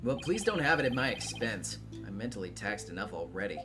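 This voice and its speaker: A man's voice: fairly low pitch, big pitch swings, over music. A man voicing a flustered young defense lawyer. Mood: exasperated. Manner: exasperated, quick retorts.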